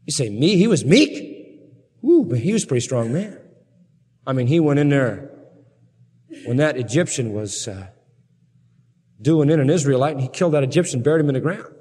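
Animated preacher man, long reverb. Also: medium pitch, a little fast, pauses often, slightly rough. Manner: animated, dramatic Bible storytelling with voiced quotes. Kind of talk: sermon.

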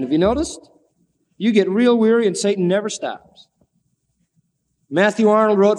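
A man's voice: moderate pace, pauses often, a little mellow. Male preacher, folksy storytelling sermon, acts out the scripture voices, long hall reverb. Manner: folksy, acts out biblical voices with big pitch swings.

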